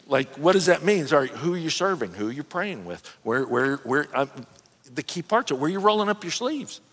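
A middle-aged pastor with a notably high voice delivers an earnest, folksy sermon. He restarts his sentences and drops casual asides as he goes. A long hall reverb trails behind his voice. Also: big pitch swings, a little fast, fairly bright tone. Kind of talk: conversational sermon.

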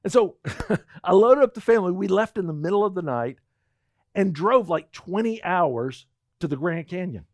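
A man's voice: high-pitched, normal speed, no echo, studio quality. A middle-aged male pastor telling a personal story in a sermon, acting out the lines of the people in it. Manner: animated storytelling, acts out quotes.

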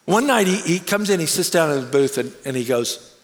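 A man preaching a sermon, telling a personal story in an animated way and acting out the people he quotes. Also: fairly high pitch, a little fast. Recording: long reverb of a large hall.

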